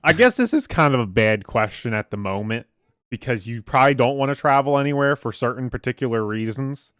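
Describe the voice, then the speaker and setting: A man's voice: medium pitch, lively intonation, a little fast, fairly bright tone, clear, resonant tone, no echo, clean studio sound. A young man hosting a casual podcast, joking and teasing his co-hosts. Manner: joking, teasing, playful interrupter. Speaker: podcast host. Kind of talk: casual chat.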